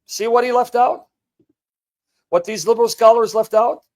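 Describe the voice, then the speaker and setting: Man, high voice, livestream host, emphatic, reading aloud and quizzing viewers. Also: moderate pace, darkish tone. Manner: emphatic, rhetorical questions to viewers. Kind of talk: live teaching and commentary, reading a text aloud.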